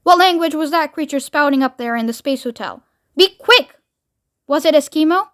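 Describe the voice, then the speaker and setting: Storybook reading: woman as a whiny, scared man president, pleading and squealing high, dry close sound. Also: fairly quick, no echo, lightly acted.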